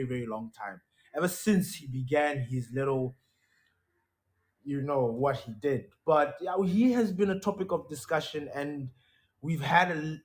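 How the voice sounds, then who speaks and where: Young male podcast host, slightly high voice, emphatic casual delivery with lots of repetition. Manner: animated, emphatic, repeats words for effect. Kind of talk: casual solo podcast chat.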